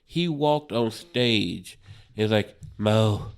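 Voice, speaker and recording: A stand-up comic tells a wild road story with a slightly high voice, swearing freely and breaking into laughter. He slips into quick little impressions of the drunk friend. The talk is loose and animated. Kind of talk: casual storytelling chat.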